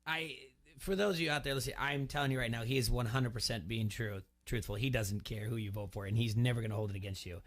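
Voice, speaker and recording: A man co-hosts a sports radio talk show from the studio. His voice sits in a middle pitch. He rambles, restarts his sentences, and mostly agrees with his partner. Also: fairly even intonation, fast, hardly any pauses, fairly bright tone. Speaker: radio co-host.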